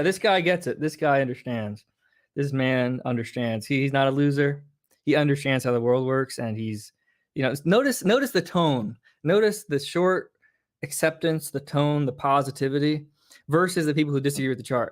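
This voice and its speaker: A man talking casually on an online show, deadpan and blunt, repeating his points flatly. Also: medium pitch. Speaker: show guest explaining a theory.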